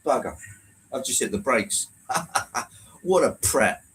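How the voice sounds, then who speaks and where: A man hosts a casual livestream, chatting, reading out viewer comments, greeting people by name and poking fun at himself. His mid-range voice is expressive, slow and a bit bright, captured on a rough recording with a little hiss or hum.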